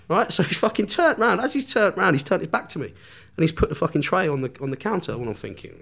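A man's voice: on the high side, sing-song, fast, vocal fry, few pauses, fairly bright tone, slightly rough. Swearing man telling a story. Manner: swears constantly, laughs through his own story. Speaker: podcast guest. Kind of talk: casual storytelling.

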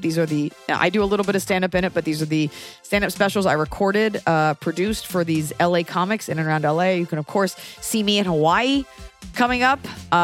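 Low-voiced woman telling a story, animated. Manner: animated, acts out quoted voices, frank and profane. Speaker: podcast host, comedian. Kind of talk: casual storytelling chat.

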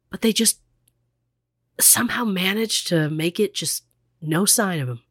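A woman's voice: mid-range voice, unhurried, pauses often, husky, no echo. A woman co-hosting a casual true crime podcast, chatty, full of fillers and acted-out quotes, close to the mic. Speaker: podcast co-host.

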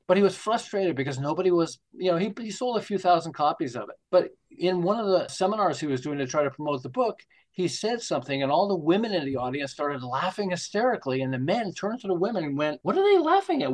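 A man in his sixties from Montreal, an author answering interview questions with lively stories and acted-out voices. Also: on the high side. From Canada, Montreal. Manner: animated storyteller acting out quoted voices. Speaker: guest author.

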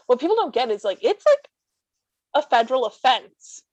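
A woman guest talking casually about life with her service dog, blunt and sarcastic with quick asides. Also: high voice, big pitch swings, darkish tone, no room sound, poor audio. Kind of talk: casual chat.

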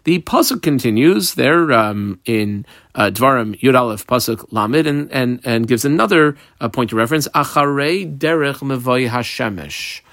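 A man's voice: medium pitch, animated, normal speed, hardly any pauses, a bit bright, dry recording, clean studio sound. Man teaching a Talmud class. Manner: explanatory, mixing Hebrew and Aramaic terms into English, with frequent fillers.

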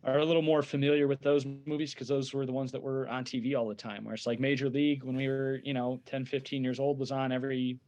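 A young adult man, a guest on a casual movie podcast, talking in a measured, agreeable way. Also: medium pitch, flat delivery, a little mellow.

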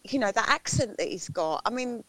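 A woman's voice: a little high, lively intonation, fairly quick, fairly bright tone. A woman on a podcast panel chatting casually, rambling and joking while she searches for names. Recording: noisy line with clicks.

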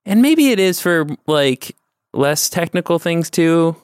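A man's voice: fairly high pitch, big pitch swings, measured pace, clean tone, no room sound, clean studio sound. A man, a comedy writer guest on a podcast, chatting in a laid-back, self-deprecating way. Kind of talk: casual comedic chat.

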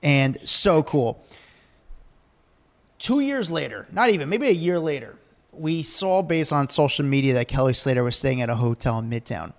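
A man's voice: on the high side, animated, gravelly. A man on a podcast telling stories in a casual, rambling way, with many fillers along the way. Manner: rapid, rambling, full of "like" fillers. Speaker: podcast guest. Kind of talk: animated storytelling in casual chat.

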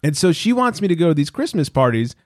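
Animated, foul-mouthed podcast guy. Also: on the high side, fast, no echo, clean studio sound. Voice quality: swears freely, animated storytelling. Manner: acts out quotes in raised voices. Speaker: podcast co-host. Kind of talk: casual chat.

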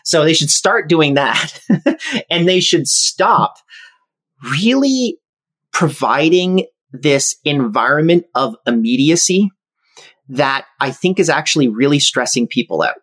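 A man who is an entrepreneur and podcast guest, explaining his views in a measured way. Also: on the high side, animated, a bit bright. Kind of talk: casual interview chat.

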